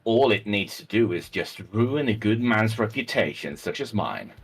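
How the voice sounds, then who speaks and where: Guy playing a stuck-up english gunfighter, low husky voice, gets all flustered. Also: animated, normal speed, soft background music. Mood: defensive. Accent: put-on English. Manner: haughty, defensive, stammering when cornered. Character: English gentleman gunslinger accused of blackmail. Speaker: murder mystery player. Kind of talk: live-streamed murder mystery role-play.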